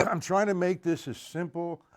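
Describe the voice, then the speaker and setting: Gruff drum teacher counting beats. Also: male voice, sits high, fairly even intonation, takes it slowly. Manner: counts beats aloud loudly, gruff asides and mild swearing. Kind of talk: live-streamed drum lesson.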